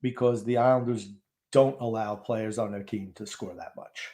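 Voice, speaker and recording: Gruff older New York man, blunt. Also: on the low side, fairly even intonation, moderate pace, mellow. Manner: blunt, gruff, opinionated hockey takes. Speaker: podcast co-host. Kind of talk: live game watchalong chat.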